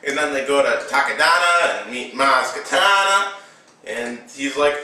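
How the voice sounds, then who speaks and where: A man's voice: mid-range voice, lively intonation, unhurried, sharp tone, heavy reverb, recorded from a distance, a little hiss or hum, low-quality recording. A man casually recapping a film with toy figures, rambling with lots of fillers.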